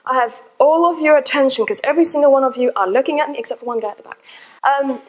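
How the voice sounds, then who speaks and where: A woman with a high, light voice speaks to a seated audience. She tells her story in a chatty, informal way, as if talking with friends, while still giving a talk from the front of the room. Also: fast talker, low-quality recording. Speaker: conference speaker.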